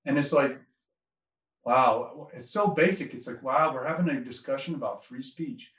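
Man, doctor, mid-pitched, rambling conversational delivery, echoey and off-mic. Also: normal speed, a bit bright, far from the mic. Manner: rambling, restarts often. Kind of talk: casual political conversation.

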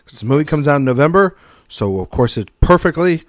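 A man's voice: on the high side, animated, brisk, no echo, clean studio sound. A man co-hosting a casual film podcast, rambling through jokes and tangents, swearing freely and laughing mid-sentence. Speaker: podcast co-host.

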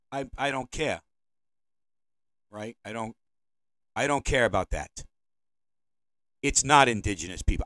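A man's voice: medium pitch, fairly bright tone, no room sound, low-quality recording. Rambling, provocative podcast man. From United States. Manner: rambling, provocative, repeats himself. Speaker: podcast host. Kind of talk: opinionated monologue podcast. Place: indoors, seated at home.

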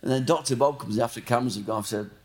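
Fast-talking man, sweary and rambling. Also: mid-range voice. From Blackburn, England. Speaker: guest. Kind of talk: casual interview chat. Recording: roomy echo.

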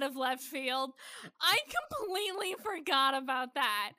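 A woman co-hosting a casual podcast, chiming in with quick jokes about a TV episode. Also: sits high, lively intonation, sharp tone, no room sound, studio quality. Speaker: podcast co-host. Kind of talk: casual TV recap chat.

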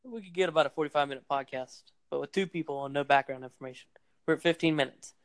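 A man's voice: on the high side, fast talker. Rambling young man on a phone mic. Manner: rambling, playful, lots of fillers. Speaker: podcast host. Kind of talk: casual chat. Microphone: phone microphone.

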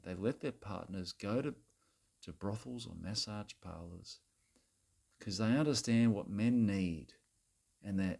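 A man's voice: on the low side, creaky, darkish tone, slightly rough, full character voice. A man playing a crude, self-righteous Australian bloke who rants at women in a rambling, repetitive way, saying mate and bloody constantly. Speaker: comedy character monologue. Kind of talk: satirical rant to camera.

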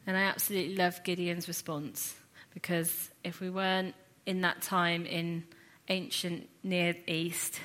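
Earnest woman Bible teacher, lowish voice. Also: a little slow, hardly any pauses. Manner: earnest, reflective storytelling with lively asides. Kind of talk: teaching sermon.

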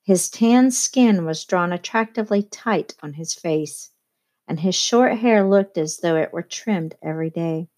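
A woman reading a novel aloud as an audiobook narrator, in steady, measured narration. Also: fairly low pitch. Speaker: audiobook reader.

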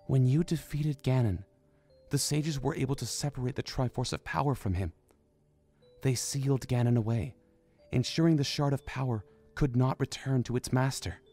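A gentle young princess speaks in a raised, soft voice, put on by a man reading an audiobook. Her words come tender and earnest, carrying quiet sorrow. Faint music plays beneath. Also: medium pitch, moderate pace, voice pushed up, natural voice. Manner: soft, gentle and firm by turns. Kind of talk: audiobook character voice.

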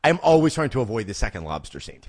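A man in his forties talking as a podcast guest in casual chat, an animated storyteller who stammers and repeats words. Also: mid-range voice, fast.

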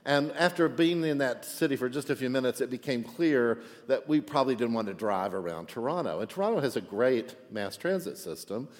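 A man's voice: mid-range voice, expressive, a little fast, hardly any pauses, long reverb tail. A man preaching a sermon as pastor, telling a story in a chatty way and often asking for an amen. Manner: chatty, asks for amens and "right?".

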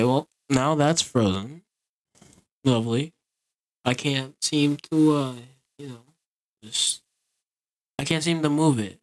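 A man giving casual gaming commentary, grumbling and complaining in an exasperated way. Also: mid-range voice. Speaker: gaming video creator.

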